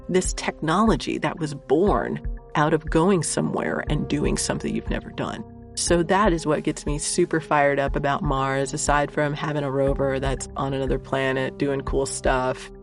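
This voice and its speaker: A woman's voice: low-pitched, normal speed, soft background music. A woman spacecraft engineer telling work stories in an interview, acting out her own quotes with animation. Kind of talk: interview storytelling.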